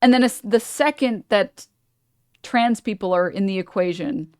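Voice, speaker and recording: A woman's voice: mid-range voice, moderate pace, a little mellow, clear, resonant tone, no room sound, studio quality. A woman streamer giving a sarcastic, blunt commentary as she reacts to a video.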